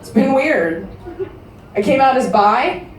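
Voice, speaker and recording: A woman in her thirties doing a crude stand-up comedy set, delivering brash, deadpan punchlines to a live audience in a large casino showroom. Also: high voice, takes it slowly, recorded from a distance, over a noisy crowd, very noisy. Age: 30s. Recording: roomy live-venue recording from afar.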